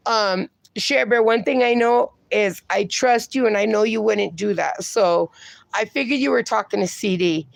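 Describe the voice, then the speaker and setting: A woman's voice: mid-range voice, creaky, dry recording. A woman hosting a casual livestream, reading viewer comments aloud in a chatty way and laughing often between them. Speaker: livestream host.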